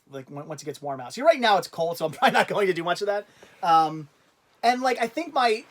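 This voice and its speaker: A man hosting a casual livestream who rambles, loses his thread and restarts, and laughs easily. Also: on the high side. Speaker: livestream host.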